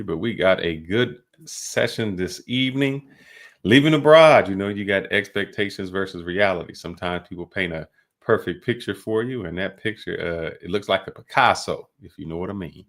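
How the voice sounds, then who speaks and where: Low-voiced man, podcast host, rambling storyteller. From United States. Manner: loose storyteller, drawn-out fillers and restarts. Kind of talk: casual podcast chat.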